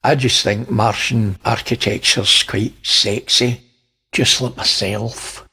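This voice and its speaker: A man's voice: fairly low pitch, fairly even intonation, slow, gravelly, bright, forceful tone, slightly rough. A man with a Scottish accent, talking viewers through images and pointing out details, with wry asides. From Scotland. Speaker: channel host. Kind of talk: narrating image analysis.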